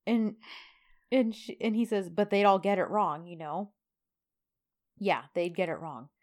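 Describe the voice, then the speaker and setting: A woman co-hosting a casual chat, retelling a drama episode with lively, acted-out lines and laughter. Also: medium pitch, measured pace. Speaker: podcast co-host recapping a TV drama.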